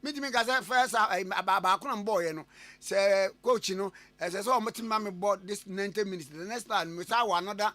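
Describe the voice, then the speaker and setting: A man hosting a radio talk show, switching between English and Twi and pressing his guest with lively, stumbling questions. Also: high voice, fast talker, no room sound. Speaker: radio host.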